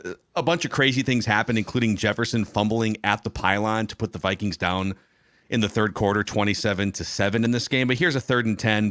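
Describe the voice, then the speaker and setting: A man's voice: on the low side, fairly bright tone, no echo. A man hosting a casual sports podcast, with an upbeat, playful host delivery.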